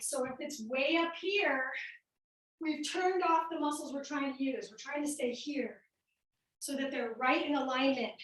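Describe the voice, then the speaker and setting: A woman's voice: high voice, a bit bright, very echoey, far from the mic, rough recording. A woman fitness instructor with a Midwestern accent, upbeat and a little breathless as she cues moves while exercising along with a home workout class. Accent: American Midwestern.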